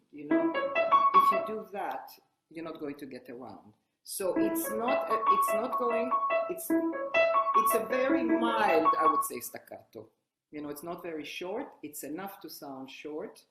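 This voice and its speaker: A woman's voice: fairly low pitch, animated. An older woman teaching piano technique, explaining as she plays and often restarting her sentences. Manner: explains while playing, halting restarts. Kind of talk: piano lesson demonstration. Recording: echoey room with loud piano. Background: piano playing.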